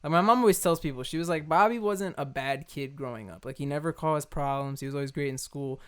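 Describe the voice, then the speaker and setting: Animated young man telling stories. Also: a little high, quick pace, clear, resonant tone. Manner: animated storyteller, swears freely, acts out quotes loudly. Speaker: co-host. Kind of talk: casual chat.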